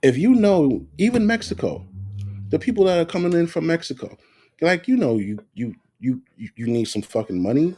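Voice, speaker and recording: A man's voice: medium pitch, brisk, breathy edge. A man co-hosting a podcast, talking bluntly and with a lot of profanity in casual chat. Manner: blunt, profane, animated rants. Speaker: podcast co-host.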